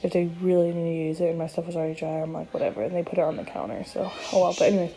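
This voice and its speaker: A young woman with a slightly hoarse voice, chatting casually in a vlog from her apartment, rambling with lots of fillers. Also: lowish voice, little pitch movement, rapid-fire, warm tone, poor audio. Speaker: vlogger. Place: apartment, indoors.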